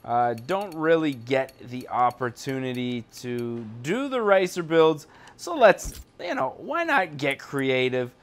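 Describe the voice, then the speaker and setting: This young Canadian man's mid-range voice swings widely in pitch as he talks slowly with few pauses. He hosts a gaming channel, and from his home setup he gives relaxed, joking gameplay commentary that rambles and is loaded with fillers.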